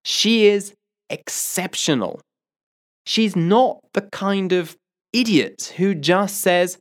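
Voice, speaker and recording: A male English teacher hosting his own podcast, talking at an unhurried, measured pace. His pitch rises and falls with a lot of life as he drives each point home. He makes his case through a string of emphatic rhetorical questions. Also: expressive. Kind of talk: podcast monologue.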